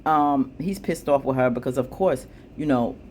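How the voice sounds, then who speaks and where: A woman casually recapping a TV episode, chatty, with plenty of asides, acting out the characters' lines with jumps in pitch. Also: normal speed, a little mellow. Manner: chatty, frequent fillers and asides. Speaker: TV show recap vlogger.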